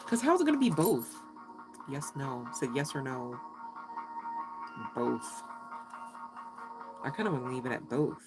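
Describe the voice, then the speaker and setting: A woman's voice: very deep voice, sing-song, a little slow, long pauses, over music, rough recording. A woman giving a casual, chatty tarot reading, giggling often and swearing freely. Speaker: tarot reader.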